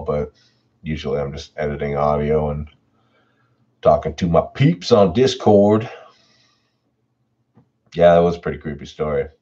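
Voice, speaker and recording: Man, horror narrator and stream host, extremely deep and husky, relaxed chatty delivery, dull lo-fi mic. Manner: relaxed and chatty, reads chat messages aloud. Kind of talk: reading stories aloud and chatting with viewers. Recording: dull lo-fi home audio.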